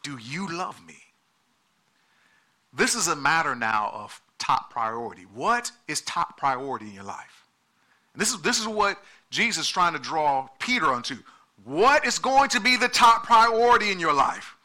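Preaching a sermon at a moderate pace, a middle-aged male pastor has a sing-song delivery, a high voice for a man, and a very bright, cutting tone. He hammers his points through repetition and calls to the people facing him.

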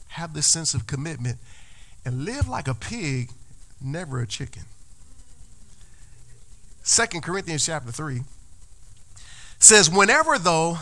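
Preacher guy, high lively voice, keeps repeating words as he builds up. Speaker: pastor. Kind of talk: sermon.

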